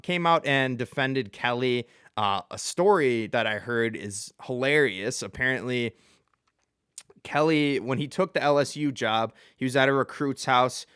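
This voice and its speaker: A man hosts a casual sports talk show in a rambling, self-deprecating way, often chuckling mid-sentence. His voice sits at an ordinary middle pitch and has a smooth, resonant tone. It is recorded dry and close, with no room sound. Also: a bit bright, dry recording.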